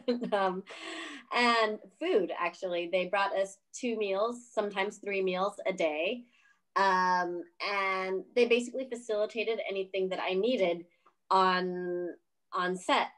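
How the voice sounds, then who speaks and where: A woman film director telling a story in a casual interview, animated, laughing often, swearing freely and acting out what others said. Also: mid-range voice, slow pace.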